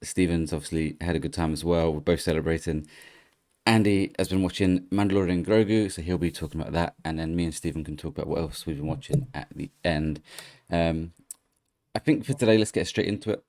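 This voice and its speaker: A tipsy man with a hoarse voice hosting a casual podcast chat, rambling and stumbling over his words. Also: deep voice, brisk, darkish tone. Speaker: podcast host.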